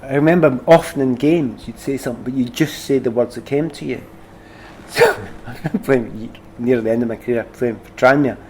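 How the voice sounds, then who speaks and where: Animated Glaswegian man telling stories. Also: medium pitch, moderate pace, background noise. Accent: Glasgow Scottish. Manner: animated, self-deprecating storyteller. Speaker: guest, former footballer. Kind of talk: casual conversation.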